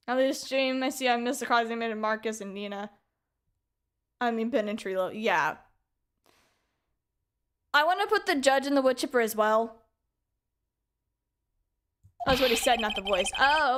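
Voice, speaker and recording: A woman's voice: on the high side, lively intonation, normal speed, pauses often. A young woman streaming a game, chatty and laughing as she talks to her chat. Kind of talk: game playthrough commentary. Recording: loud game music behind.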